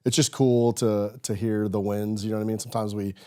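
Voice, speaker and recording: Man, podcast host, casual interview chat, relaxed, filler-heavy. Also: lowish voice, fairly quick. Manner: relaxed and chatty, with many fillers.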